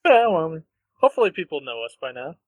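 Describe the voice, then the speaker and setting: Young male podcast co-host, slightly high voice, dry close mic, laughs a lot, teasing banter. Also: very animated, fast, no room sound, phone-quality sound. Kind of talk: casual chat.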